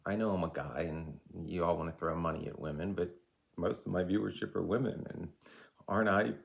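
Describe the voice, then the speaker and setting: A man's voice: low voice, brisk, vocal fry, darkish tone. A man in his forties giving an impassioned, rambling rant straight to camera, with side remarks along the way. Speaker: vlogger and life coach.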